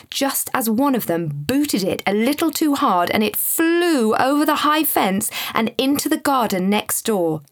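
A woman narrating a children's storybook in a gentle, expressive way. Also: fairly high pitch, dry recording, studio quality.

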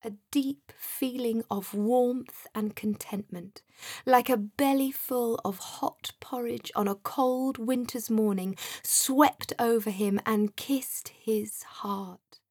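A woman reading a children's story aloud in a slow, soothing way. Her voice sits on the higher side and is breathy, and the recording is dry and close. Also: darkish tone, no echo. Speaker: narrator. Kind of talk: storybook narration.

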